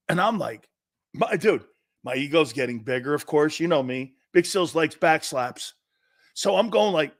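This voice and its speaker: A middle-aged man hosting a casual sports talk show, telling stories in an animated way and laughing often. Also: sits high, a little slow.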